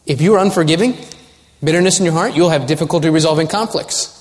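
A man's voice: fairly high pitch, quick pace. A man preaching a sermon as pastor, earnest and building to urgent warnings. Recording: long hall reverb.

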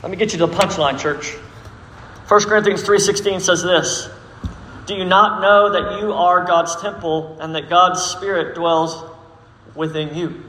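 Male pastor, high voice, emphatic sermon with questions, reverberant church hall. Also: steady tone, measured pace, sharp tone, a little hiss or hum. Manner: preachy and emphatic, asks the congregation questions. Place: church sanctuary.

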